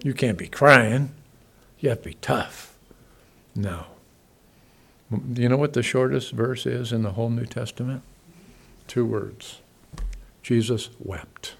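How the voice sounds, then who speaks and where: A man preaching a sermon, talking conversationally to his listeners, swinging from loud emphatic peaks to soft, quiet asides. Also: mid-range voice, slow, vocal fry, long pauses, slightly rough. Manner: conversational, asks the congregation questions. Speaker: pastor.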